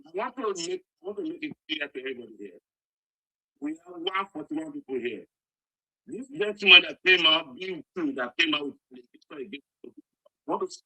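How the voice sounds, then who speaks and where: A man hosting a live online room and making a firm statement to everyone listening. His voice is high and very lively, with a bright, forceful edge. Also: gravelly. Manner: firm, distancing, declarative. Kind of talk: moderating statement.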